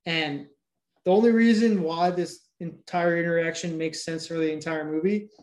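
A man's voice: on the high side, steady tone, normal speed, darkish tone, echoey room. A man retelling a movie in casual chat, rambling, swearing freely and doubling back on himself. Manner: rambling, profane, jumps back and forth. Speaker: podcast co-host recapping a movie.

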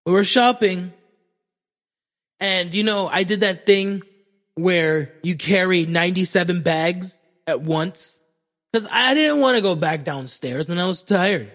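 High-voiced, profane young man. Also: unhurried, in a large hall. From Florida, USA. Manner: profane, animated, self-mocking. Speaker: podcast host. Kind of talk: comedic storytelling monologue.

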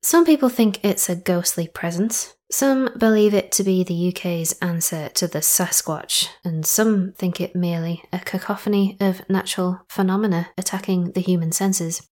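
A young woman with a slightly low voice narrating her podcast in a relaxed, conversational way. She wanders into side remarks and restarts her sentences as she goes. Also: moderate pace, hardly any pauses. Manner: chatty, rambling asides and self-corrections. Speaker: podcast host.

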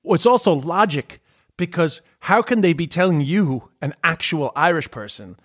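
A middle-aged man with a Queens New York accent, telling stories in casual chat, animated and swearing freely. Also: a little high, moderate pace. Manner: animated storytelling, swears freely, restarts often.

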